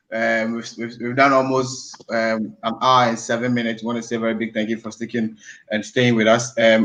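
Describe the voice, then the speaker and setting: A man hosting a panel talk show, asking questions with many fillers and pauses. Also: mid-range voice, fairly bright tone. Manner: hesitant, filler-heavy questions. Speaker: show host. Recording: dull lo-fi sound.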